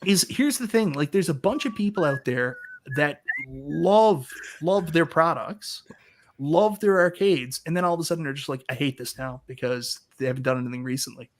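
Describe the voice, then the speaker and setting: A man's voice: a little high, animated, normal speed. A man in his thirties hosting a casual panel chat over a video call, a jokey storyteller who laughs a lot. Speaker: host of an arcade talk show.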